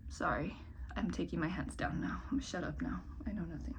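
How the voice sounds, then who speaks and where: A young woman chatting casually while doing her makeup in a get-ready-with-me vlog, rambling and self-mocking, swinging between bright remarks and muttered asides. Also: fairly low pitch, a little fast, creaky, in a whisper. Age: young adult. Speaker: vlogger.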